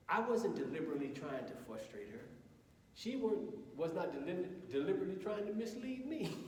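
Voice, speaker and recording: A man leading a group session, teaching through anecdotes as an animated storyteller with a laugh in his voice. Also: high-pitched. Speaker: co-presenter of a couples session. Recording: roomy hall from a distance.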